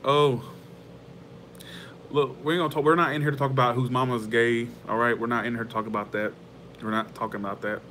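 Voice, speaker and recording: A man hosting his tarot channel's livestream, chatting casually and warmly with viewers in a rambling, heartfelt way and laughing often. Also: medium pitch, level tone, a little fast, long pauses, a little hiss or hum.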